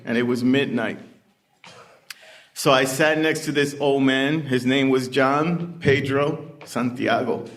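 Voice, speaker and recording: A middle-aged man gives personal testimony at a recovery meeting. He speaks in a plain, unhurried way, pausing often. His pitch sits in a flat, narrow band. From Puerto Rican family background. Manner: unhurried, plain-spoken storytelling with many pauses.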